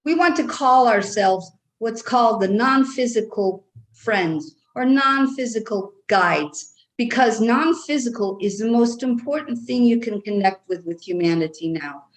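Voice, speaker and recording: A woman speaking as a trance channel with an Irish brogue, talking slowly and soothingly for a group of guides. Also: a little high, animated, low-quality recording.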